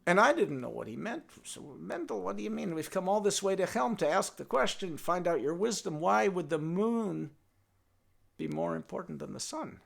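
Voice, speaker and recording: A man telling a folk tale in a lively, halting way, often restarting his sentences and turning aside to speak to his donkey. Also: high voice, gravelly. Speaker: storyteller. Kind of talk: told folk tale with a puppet.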